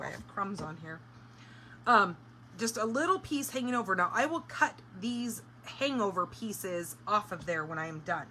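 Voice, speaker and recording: A woman's voice: mid-range voice, bright, forceful tone, a little hiss or hum, low-quality recording. A woman hosting a live craft tutorial, chatting casually and explaining each step as she works. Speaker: craft demonstrator.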